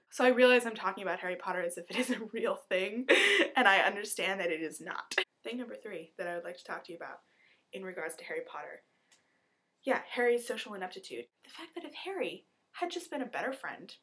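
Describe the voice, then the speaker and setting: Animated young woman rambling to camera. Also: a little high. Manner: animated, swears, acts out characters in quick asides. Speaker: vlogger. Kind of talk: rambling casual vlog.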